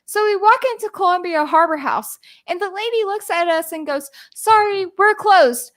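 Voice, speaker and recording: A woman co-hosting a podcast, telling a story in casual chat, animated and exasperated, swearing and acting out what others said. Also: very high-pitched, a little fast, dry recording, poor audio. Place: podcast recorded live with co-hosts.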